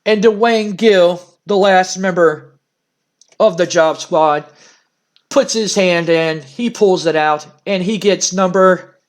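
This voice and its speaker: A man's voice: high-pitched, slow. A man dramatically narrating a wrestling simulation playthrough, play-by-play style. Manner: storytelling play-by-play, hyping announcements. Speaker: game narrator.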